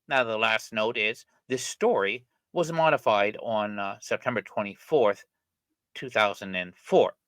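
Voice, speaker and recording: A middle-aged man talks through a written article in a loose, rambling way, often stopping to correct himself. His voice is on the low side but forceful and bright. The sound is dry, with almost no room around it. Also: measured pace, no echo, rough recording. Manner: rambling and discursive, with frequent fillers and self-corrections. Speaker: channel host discussing an article. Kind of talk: casual spoken commentary on a reading.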